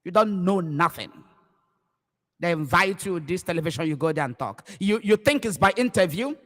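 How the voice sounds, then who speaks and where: Impassioned high-voiced Nigerian preacher. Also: male voice, expressive, moderate pace, long reverb tail. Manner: impassioned, repetitive, swinging between shouts and low murmurs. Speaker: pastor. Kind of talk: live preaching broadcast.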